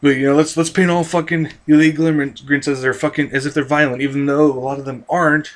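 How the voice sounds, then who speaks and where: A man's voice: on the high side, level tone, quick pace. Swearing, ranting American man. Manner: heavily profane, angry, rambling with frequent restarts and tangents. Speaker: video commentator. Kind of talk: ranting commentary mixed with reading an article aloud.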